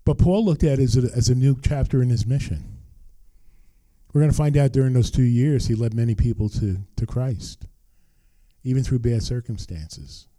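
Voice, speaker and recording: A man's voice: medium pitch, moderate pace, mellow, no room sound. An older man preaching a sermon as pastor, earnest and emphatic, repeating his key phrases.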